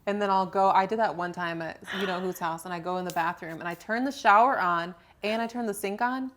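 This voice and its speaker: A woman's voice: on the low side, a little fast. Candid giggly young woman chatting. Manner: candid, giggly, animated storytelling. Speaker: podcast co-host, personal trainer. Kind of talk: casual chat.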